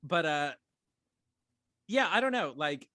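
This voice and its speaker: Fired-up, higher-voiced man ranting on a podcast. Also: slow, dry recording. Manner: animated ranting, swears a lot. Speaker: podcast co-host. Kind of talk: casual rewatch podcast chat.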